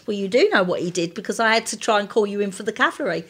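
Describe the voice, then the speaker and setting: A middle-aged woman, a co-host in casual chat, telling a lively story and acting out the voices in it. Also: mid-range voice, quick pace, slightly rough. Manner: animated storyteller, acts out quoted voices.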